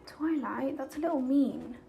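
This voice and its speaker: A woman reading the lines of a gentle young island girl who talks to animals, earnest and kind. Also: sits high, lively intonation, measured pace, creaky, a little hiss or hum, full character voice.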